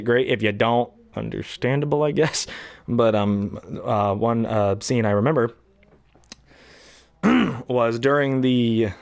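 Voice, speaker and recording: A man's voice: mid-range voice, smooth, dry recording. A young man casually chatting between impressions, rambling and hesitant with many fillers. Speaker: hobby voice actor.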